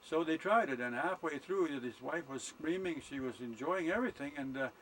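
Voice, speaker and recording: A man's voice: on the high side, lively intonation, fairly bright tone, slight background noise, low-quality recording. Older man telling folksy jokes. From Canada. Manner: rambling, unhurried delivery with frequent uh fillers. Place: outdoor campsite in summer. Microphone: camcorder held by his wife.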